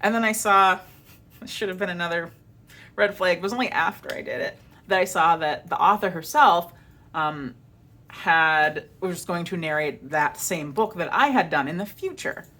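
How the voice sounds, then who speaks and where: A woman's voice: on the low side, moderate pace. A young woman vlogger and audiobook narrator talking casually to camera, chatty, with lots of "like" and acted-out reactions. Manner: chatty and animated, many "like"s, acts out her own reactions.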